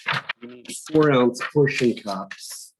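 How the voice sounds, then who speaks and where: Guy running an online cooking class, real slow, lots of uhs and restarts. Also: mid-range voice, background noise. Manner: slow, with many fillers and restarts. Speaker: cooking instructor.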